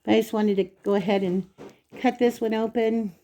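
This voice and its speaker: A woman's voice: fairly high pitch, fairly even intonation, fairly quick, mellow. A woman hosting a casual home cooking vlog in her kitchen, chatting straight to viewers as she cuts food open and tastes it.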